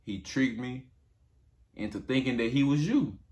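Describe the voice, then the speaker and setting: A man voicing an old father in a spoken story, speaking slowly and solemnly. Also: medium pitch, darkish tone, natural voice. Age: older.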